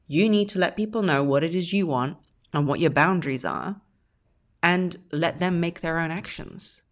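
A woman's voice: lowish voice, normal speed. A woman hosting a podcast, giving blunt relationship advice and acting out the phrases she quotes in mocking voices. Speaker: podcast host.

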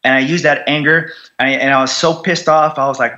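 Brief: male guest, cursing and emphatic, forceful bright tone, dull lo-fi audio. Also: fairly high pitch, steady tone, quick pace. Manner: raw, profane, emphatic. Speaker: podcast guest, combat veteran. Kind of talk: candid interview storytelling.

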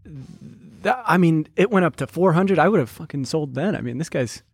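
A man's voice: a little high, expressive, slightly rough, no room sound, clean studio sound. A man co-hosting a casual podcast, making wry, profane quips. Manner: wry, swearing, quick quips. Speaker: podcast co-host. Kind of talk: casual chat. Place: studio.

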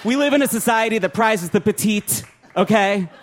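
A man doing a stand-up comedy set on a club stage, with an animated, profane, self-mocking delivery. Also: high-pitched, normal speed, a faint crowd, slight background noise. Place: comedy club stage before a laughing audience.

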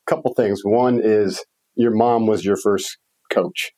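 A man's voice: fairly low pitch, steady tone, slow, dark tone. A man hosting a podcast interview who reacts to his guest with enthusiasm. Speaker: podcast host. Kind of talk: casual interview chat.

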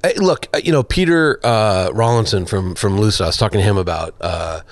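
A man's voice: lowish voice, lively intonation, brisk, dry recording. A man co-hosting a car radio show, talking casually in a rambling way with many fillers. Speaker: co-host, car journalist.

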